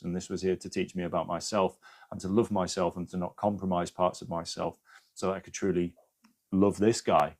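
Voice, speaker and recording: A man with a low voice hosts a live stream, offering viewers casual spiritual advice while swearing freely and often checking in with "yeah?".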